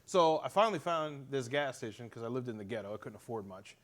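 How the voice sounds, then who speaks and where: Pittsburgh guy hosting a chat show, bouncy pitch all over, tells stories loud and cussing. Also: quick pace. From Western Pennsylvania. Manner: animated storytelling, swears freely. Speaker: talk show host. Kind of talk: casual chat.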